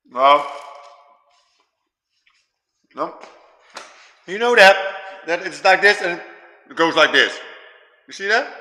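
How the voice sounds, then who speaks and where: A man's voice: high-pitched, bright, forceful tone. A man in his fifties hosting a casual livestream chat with viewers, rambling and repeating himself as he eats while he talks. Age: 50s. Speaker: livestream host chatting with viewers. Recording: echoey room with long reverb.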